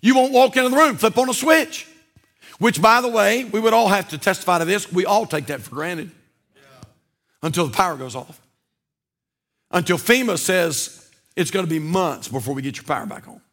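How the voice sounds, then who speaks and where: A man preaching a sermon as pastor at a church service, emphatic and repetitive, often dropping to a low intense voice for emphasis. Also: normal speed, pauses often, a bit bright.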